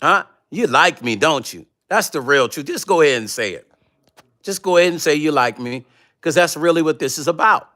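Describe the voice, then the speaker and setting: A man with a slightly high, animated, sharp-toned voice speaks fairly quickly while hosting his own livestream. In a heated, profane rant he confronts a rival and reads chat comments aloud.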